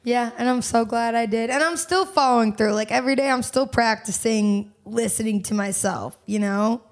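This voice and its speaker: A woman's voice: fairly high pitch, moderate pace. Bubbly young woman chatting on a podcast. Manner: bubbly, laughs often, says "like" and "you know". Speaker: podcast guest. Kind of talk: casual podcast conversation.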